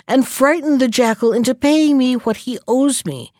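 Woman voices a wronged storybook sheep: high, pleading, indignant. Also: moderate pace, darkish tone, no echo, studio quality, close to an everyday voice.

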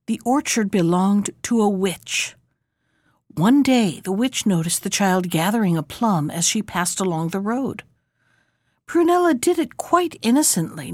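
A woman reading a fairy tale aloud in an expressive, measured storybook manner. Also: mid-range voice, no room sound, clean studio sound.

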